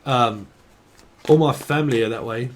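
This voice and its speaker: A man from the north of England gives a loose tarot reading, hopping from word to word in a rambling flow. He swears freely and laughs often. His voice sits at an ordinary middle pitch. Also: normal speed, slight background noise. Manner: rambling, sweary, free-associating on words. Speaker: tarot reader. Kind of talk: casual channelled tarot reading.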